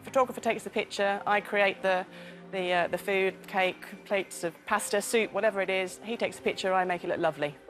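A woman's voice: medium pitch, a bit bright, poor audio. Middle-aged lady contestant, chatty, kinda hesitant, faint music behind. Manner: chatty, hesitant, with filler pauses. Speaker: quiz show contestant. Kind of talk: casual answers on a game show.

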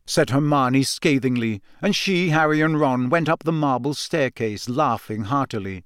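A man narrating an audiobook in a measured, even storytelling manner. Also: medium pitch, dry recording. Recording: dry close studio sound.

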